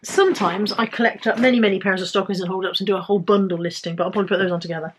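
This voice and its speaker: A woman's voice: mid-range voice, steady tone, racing, slight background noise. A British woman vlogging casually about items she bought to resell, chatty and rambling with self-corrections. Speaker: resale vlogger. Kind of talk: casual haul vlog.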